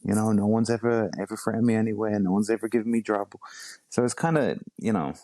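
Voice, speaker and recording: A man's voice: lowish voice, fast talker, mellow, slight background noise. A man from England with a London accent, a fighter and coach chatting casually in an interview, rambling and peppering his talk with "you know" and "bro". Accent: London English. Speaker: bare knuckle fighter and coach.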